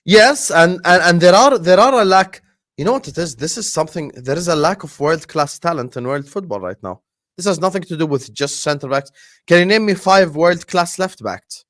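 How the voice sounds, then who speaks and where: A man's voice: a little high, fairly bright tone, no echo, studio quality. A man whose first language is Arabic, co-hosting a football podcast and pressing his points with rhetorical questions. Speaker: podcast co-host. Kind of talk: casual chat.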